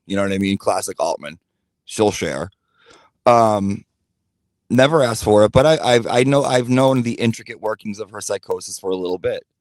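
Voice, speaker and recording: Male commentary host, low-ish, dry sound, blunt and profane, speaks directly to his followers. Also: a little mellow, no room sound. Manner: blunt, profane, repetitive emphasis; talks directly to his audience. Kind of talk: casual ranting commentary.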